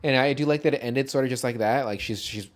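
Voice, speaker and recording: A man's voice: medium pitch, fast talker. Loose, profane male podcast co-host. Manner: loose, profane, laughs often. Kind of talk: casual movie discussion podcast.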